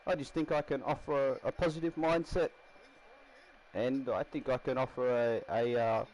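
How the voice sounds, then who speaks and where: A man's voice: mid-range voice, steady tone, normal speed, a little mellow, pitched above the performer's own voice, lightly acted, low-quality recording. A man voicing an upbeat young male rugby recruit with a put-on New Zealand accent. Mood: upbeat boastful. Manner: upbeat, earnest, boastful.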